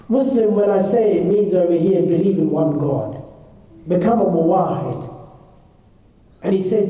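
Man storyteller for a kids' class, high and dark-toned, heard from far off in a big echoey hall. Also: a little slow. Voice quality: casual, repeats himself, many fillers and restarts. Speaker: Islamic teacher telling a story to children and teens. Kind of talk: storytelling lesson. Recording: echoey hall, distant mic.

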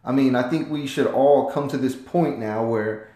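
A man from the United States, a former Marine, talking in a casual podcast monologue, rambling and heavy on profanity with loud emphatic swings. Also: medium pitch, moderate pace, reverberant.

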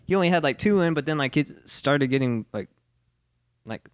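A man's voice: fairly high pitch, expressive, normal speed, no echo, clean studio sound. A man from a reggae band chatting as a podcast guest, laid-back and rambling, swearing now and then. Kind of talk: casual chat.

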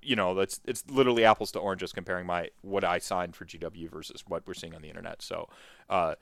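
A man's voice: sits low, fairly even intonation, fast talker, vocal fry, fairly bright tone, dry recording. Rambling, swearing man on a livestream. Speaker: YouTuber co-host. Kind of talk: casual livestream chat.

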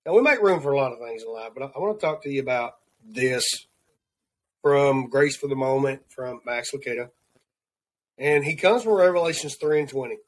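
A man's voice: mid-range voice, animated, a little fast. A man with a Southern accent giving an earnest, rambling devotional segment as a podcast host, repeating words as he searches for them. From Southern United States. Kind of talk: devotional segment of a talk show.

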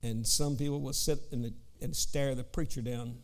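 Speaking in a mid-range voice with fairly even intonation, a Southern US man runs a casual Pentecostal Bible study. He hesitates and repeats himself, says "amen" often, and slows his pace to read from scripture.

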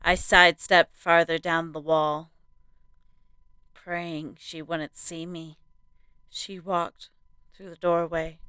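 A woman hosting a podcast and narrating a horror story in a hushed, suspenseful manner. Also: on the low side, clear, resonant tone, no echo.

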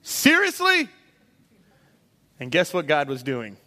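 A man preaching a sermon in a lively way, acting out voices of the people in the story as he goes. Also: a little high, normal speed. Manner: animated, acts out voices of disciples and Jesus. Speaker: pastor. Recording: long hall reverb.

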